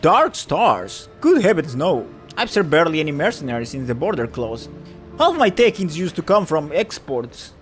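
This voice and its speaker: A man's voice: a little high, very animated, moderate pace, faint music behind. A man voicing a busy, fussy merchant who talks in a polite, harried way.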